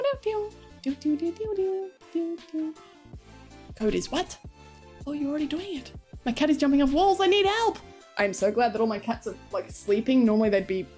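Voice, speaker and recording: A young woman chats on her live stream in a rambling, giggly way, swearing freely. Her voice sits fairly high and swings widely in pitch. Soft music plays faintly underneath. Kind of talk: casual live-stream chat.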